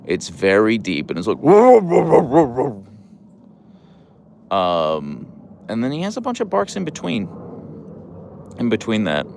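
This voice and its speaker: Chatty guy rambling on a live stream, low voice, lots of ups and downs, pokes fun at himself. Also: big pitch swings, moderate pace, gravelly, slight background noise. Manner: rambling, self-deprecating, chatty; high cooing baby talk to his dog. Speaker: dog owner live-streaming. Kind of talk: casual live stream chat.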